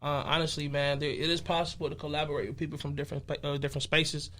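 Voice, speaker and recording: A man's voice: a little high, flat delivery, fast, sharp tone, a little hiss or hum. A young man from Chicago, a musician guest talking loosely and casually in an interview, with many fillers. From west side of Chicago. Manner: laid-back, loose and conversational, with many fillers.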